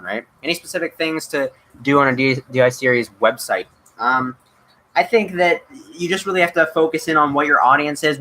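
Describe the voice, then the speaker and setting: A man's voice: medium pitch, pushed and bright, poor audio. A man hosting a casual livestream Q&A, answering chat questions in an eager, chatty way with lots of ums and restarts.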